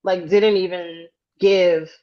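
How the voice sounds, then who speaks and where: A woman co-hosting a casual podcast chat, telling a story with lively acted-out quotes and frequent hedging. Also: lowish voice, slow, lo-fi sound. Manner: animated storyteller acting out quotes, hedges often. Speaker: podcast co-host.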